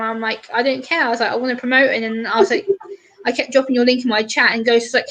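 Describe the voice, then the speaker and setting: A woman chatting on a live stream, retelling stories in an animated way with lots of quoted voices. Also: fairly high pitch, brisk. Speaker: streamer guest. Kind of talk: casual chat on a live stream.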